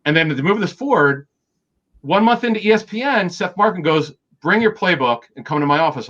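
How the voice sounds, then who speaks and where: A man's voice: a little high, sing-song, a little fast, fairly bright tone, muffled recording. A middle-aged man, a guest in an interview, telling anecdotes with quoted dialogue and frequent restarts. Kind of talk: storytelling in an interview.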